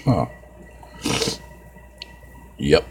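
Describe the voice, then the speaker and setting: A man's voice: extremely slow, darkish tone. A man ranting profanely on a casual live stream, talking to his viewers by name and swearing constantly.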